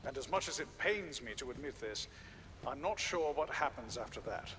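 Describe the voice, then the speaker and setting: A man's voice: medium pitch, lively intonation, normal speed, natural voice. A man voicing a smug, sarcastic narrator who mocks the player. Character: sarcastic male game narrator, arrogant. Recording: game audio under loud noise.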